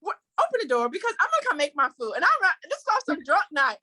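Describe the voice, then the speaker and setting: High-pitched, fast, bright-voiced woman. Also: very noisy. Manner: loud, excitable storytelling. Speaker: podcast guest. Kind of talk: casual chat.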